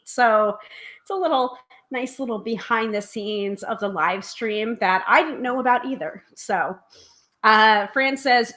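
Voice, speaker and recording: An American woman hosts a tarot live stream, speaking casually and fast in a somewhat high, slightly bright voice. She reads viewer comments aloud and peppers her talk with plenty of "um"s.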